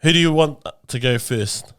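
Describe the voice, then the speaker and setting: A man's voice: fairly high pitch, normal speed, fairly bright tone, smooth. A man with a New Zealand accent co-hosting a comedic podcast, brash and laddish, tossing "mate" into nearly every phrase. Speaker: podcast co-host.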